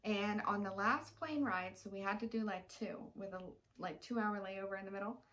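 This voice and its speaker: A woman's voice: medium pitch, normal speed, fairly bright tone, slight background noise, low-quality recording. A young woman in casual chat, a chatty storyteller with many fillers. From Texas. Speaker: co-host.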